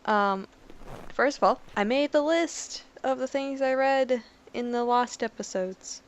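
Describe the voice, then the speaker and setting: A woman's voice: sits high, a little slow, lo-fi sound. A woman doing casual let's play commentary, reading game entries aloud in a chatty, self-correcting way with giggly asides.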